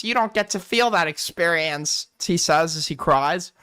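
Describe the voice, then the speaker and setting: A man's voice: on the high side, a little slow, bright, forceful tone, clean tone, no echo. Incredulous, mocking male commentator, dry sound. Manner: incredulous, profane, mocking, frequent laughter. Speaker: commentary host. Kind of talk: reaction commentary.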